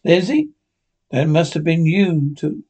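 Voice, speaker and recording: A man voicing an excitable, talkative gentleman squire in a classic novel read aloud, eager and a bit blustering. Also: a little high, unhurried.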